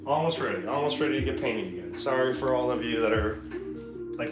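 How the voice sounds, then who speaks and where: A man's voice: medium pitch, fairly quick. Chatty, rambling male streamer. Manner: rambling, chatty, loose and profane. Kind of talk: casual live-stream chat while painting. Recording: echoey room with music in the background.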